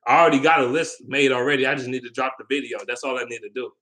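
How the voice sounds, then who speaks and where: Racing along in a steady tone, a young sports vlogger with a bright, forward, mid-pitched voice improvises casual sports talk. His loose, slangy rambling hops between opinions, packed with ums and restarts.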